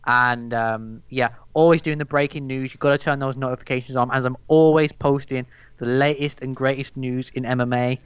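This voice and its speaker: A man's voice: mid-range voice, steady tone, moderate pace, clear, resonant tone, no echo, muffled recording. A young man with a Birmingham accent chatting casually as a podcast guest, rambling and swearing with lots of fillers. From England. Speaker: guest, MMA news account runner.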